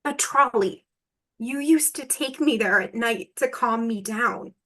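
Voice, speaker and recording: A woman's voice: a little high, a little slow, bright, forceful tone. A woman playing a young woman who presses for the truth about her mother, rehearsing lines in an acting class. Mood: pressing.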